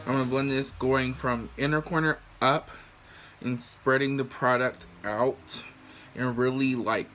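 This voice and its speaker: A man's voice: mid-range voice, steady tone, a little slow, a bit bright, faint music behind. A man talking casually through a makeup tutorial, chatty and slangy, explaining each step while he works. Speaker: makeup vlogger.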